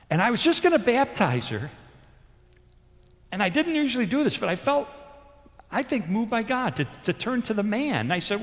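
A man preaching a sermon, telling stories with animated delivery, moving between loud emphasis and soft intensity. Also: high-pitched, moderate pace, pauses often. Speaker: pastor. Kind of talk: sermon with storytelling. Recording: long hall reverb.

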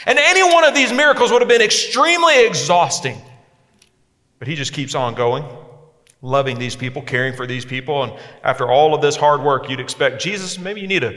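Impassioned preacher in an echoing hall. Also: male voice, fairly high pitch, brisk. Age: 40s. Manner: impassioned, swings between hushed and emphatic. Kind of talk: sermon. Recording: echoey hall sound.

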